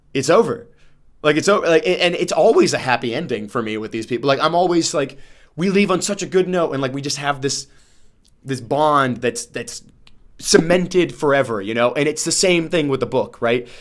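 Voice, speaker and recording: Young guy, casual vlog, talks off the cuff, heartfelt, restarts a lot, mid pitch. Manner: rambling and emotional, many "like" fillers and restarts. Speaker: book vlogger.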